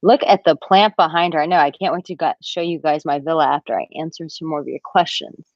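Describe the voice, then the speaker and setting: A woman in her thirties answers viewers on a live-stream, voicing their comments in playful squeaky impressions. Her voice sits a little low for a woman. The sound is dry and a bit dull, like a home webcam mic. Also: fast, dry recording. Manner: chatty and animated, acts out quotes in a high squeaky voice. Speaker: dating and relationship coach. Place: villa room, at home.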